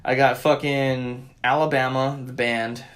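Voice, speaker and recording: A young man co-hosting a casual podcast chat, telling a rambling, profanity-laden story with excitable bursts, recorded on a phone. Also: mid-range voice, unhurried. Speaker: podcast co-host.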